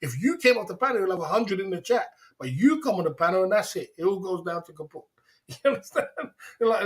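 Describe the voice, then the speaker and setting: Hosting a livestream, this man speaks fast in a high-pitched voice with big swings in pitch. His rant rambles and repeats itself, laced with curses and tipsy laughter.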